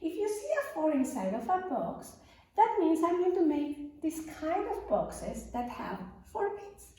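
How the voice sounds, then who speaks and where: Slow sing-song lady teaching preschool music, high voice, super echoey and far from the mic. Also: very animated, dark tone, slight background noise. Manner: slow, sing-song, encouraging call-and-response. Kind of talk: lesson for young children.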